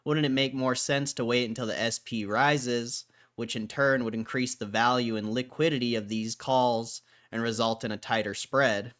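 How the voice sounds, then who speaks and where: A man's voice: mid-range voice, steady tone, moderate pace, few pauses, a bit bright. A man hosting a casual livestream, reading online comments aloud with frequent laughs and slangy asides. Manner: casual, laughs often, says bro. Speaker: livestream host.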